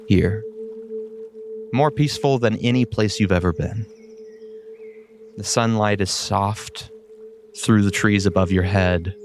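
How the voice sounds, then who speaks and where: A man narrating as game master of a tabletop game in a calm, measured storytelling manner. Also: fairly low pitch.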